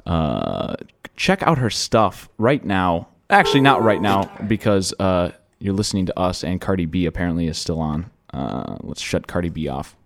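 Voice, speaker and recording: A man's voice: deep voice, moderate pace, vocal fry. A young man hosting a college radio show, chatting casually and jokingly with a guest in the studio. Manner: joking, rambling, animated.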